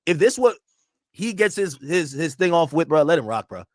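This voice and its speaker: The young streamer speaks at normal speed in a slightly high voice, recorded at studio quality with no echo. He rambles through a casual reaction, swearing freely and trading animated banter with chat.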